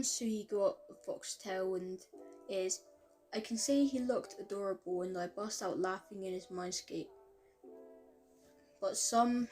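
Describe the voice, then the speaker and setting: Woman, casual story reading, self-correcting, medium pitch, soft music underneath. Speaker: reader of fan fiction.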